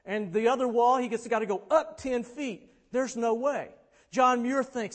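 A man preaching, a dramatic storyteller who swings from hushed to loud. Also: extremely high pitch, a little slow. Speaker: pastor. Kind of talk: sermon storytelling. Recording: long reverb in a hall.

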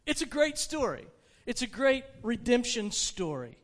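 A man preaching a sermon, retelling a story with animated delivery and frequent restarts. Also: high-pitched, measured pace. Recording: long hall reverb.

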